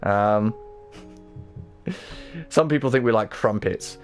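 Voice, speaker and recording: A British man with a medium-pitched voice chats casually and excitably on a gaming livestream at a slow pace, with soft music in the background. He swears a lot and often stammers or restarts his sentences.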